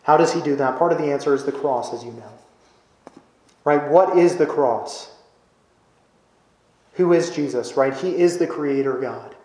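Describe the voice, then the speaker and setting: A man preaching a sermon as pastor, earnest and explanatory, often checking in with his listeners with a quick "right?". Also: fairly high pitch, darkish tone, roomy sound, low-quality recording.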